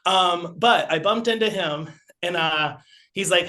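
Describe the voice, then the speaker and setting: High-voiced man telling rambling stories. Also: measured pace. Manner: rambling, animated anecdotes with many fillers. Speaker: podcast guest. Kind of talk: casual storytelling.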